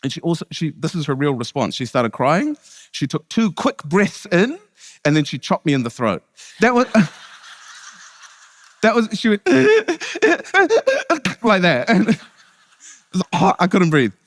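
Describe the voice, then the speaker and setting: Lively New man telling jokes. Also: a little high, normal speed, long pauses. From New Zealand. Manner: joking, self-interrupting storytelling. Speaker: keynote speaker, comedian. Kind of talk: comic keynote speech. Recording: long hall reverb.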